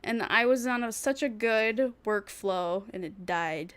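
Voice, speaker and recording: A woman's voice: a little high, unhurried, a bit bright, clear, resonant tone. Giggly, rambling woman streamer. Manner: rambling, giggly, thinks aloud. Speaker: VTuber streamer. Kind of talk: casual livestream chat.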